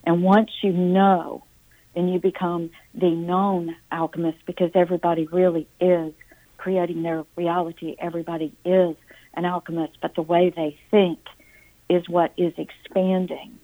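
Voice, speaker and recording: Earnest low-voiced woman telling her story. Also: flat delivery, warm tone, low-quality recording. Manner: earnest, with halting restarts and dramatic self-quoting. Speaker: author and interview guest.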